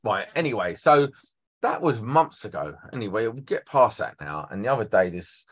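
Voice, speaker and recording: Speaking at normal speed in a lowish, sing-song voice, a man in his 40s tells blunt, sweary stories as a guest electrician on a trade podcast. The chat is casual and the recording is dull lo-fi podcast audio.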